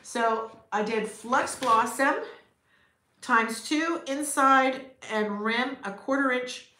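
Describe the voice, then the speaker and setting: A woman's voice: high-pitched, slow pace, bright, forceful tone. A middle-aged woman from Canada, chatting casually and upbeat on a livestream, laughing often and talking to her viewers. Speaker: potter streaming live. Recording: echoey room with faint noise.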